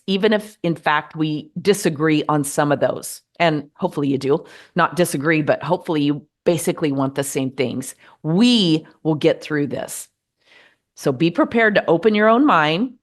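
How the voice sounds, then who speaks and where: A middle-aged American woman speaks in a slightly low voice, earnest and measured. Her advice comes in a gently encouraging monologue, each point laid out steadily. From United States. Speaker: podcast host.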